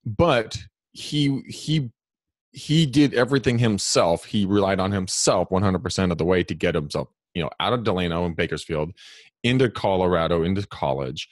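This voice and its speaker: A man's voice: lowish voice, dry recording. A man co-hosting a podcast interview, telling a personal story casually with dry sarcasm. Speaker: podcast co-host.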